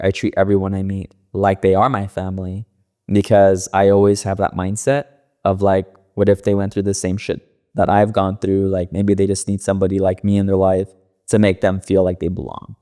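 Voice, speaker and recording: Man, low voice, from los angeles, podcast guest, casual profane storytelling, lots of fillers. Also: monotone, moderate pace, mellow. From Los Angeles area. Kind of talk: casual interview talk.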